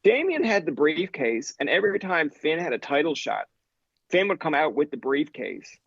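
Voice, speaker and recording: A man in his thirties from Newfoundland tells stories as a podcast guest, loose and profane, acting out everyone in them. His voice sits a little high with a gravelly edge. The recording is dull and dry. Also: very animated, moderate pace, dry recording. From Newfoundland, Canada. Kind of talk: casual storytelling chat.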